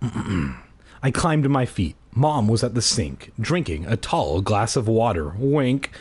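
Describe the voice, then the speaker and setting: A man hosting a podcast, reading a children's horror book aloud in an animated way and breaking off into crude throwaway jokes. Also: fairly low pitch, takes it slowly, slightly rough. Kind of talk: comedic read-aloud with jokey asides.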